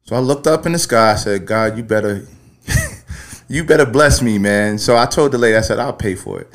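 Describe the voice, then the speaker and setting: A man hosting a call-in podcast, talking loosely and swearing often as he rambles through a story. His voice sits at an ordinary middle pitch for a man. He speaks in a relaxed, conversational way. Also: fast talker. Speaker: podcast host. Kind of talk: casual storytelling and call-in chat.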